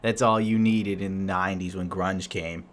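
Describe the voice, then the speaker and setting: A man's voice: sits low, steady tone, normal speed. Profane rambling male podcaster. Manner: crude, profane, jokey and rambling. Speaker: podcast host. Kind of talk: rambling solo podcast monologue.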